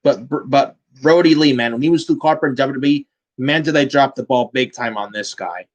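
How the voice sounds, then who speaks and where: A man's voice: mid-range voice, moderate pace, highs cut off. A man hosting a casual wrestling review, blunt and fond of swearing, with "man" tacked onto many lines. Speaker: podcast host.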